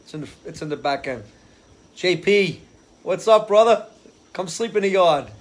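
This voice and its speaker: High-pitched and animated at a normal speed, a man hosts a casual live stream outside on his porch under a ceiling fan. He tells long, wandering stories and often loses his train of thought.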